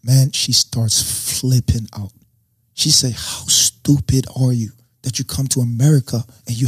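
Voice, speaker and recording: A man's voice: medium pitch, a little slow, breathy edge, no echo. A young man, a guest, telling a personal story in casual talk and acting out what people said. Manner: animated storyteller acting out quotes.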